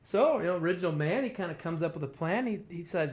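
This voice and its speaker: A storyteller from a tribal language department casually recounts a traditional tale, acting out the animals' quoted lines. The mid-range voice is fast, with lively intonation, barely any pauses, and a darkish tone. The telling is folksy and conversational, peppered with "kinda" and "you know."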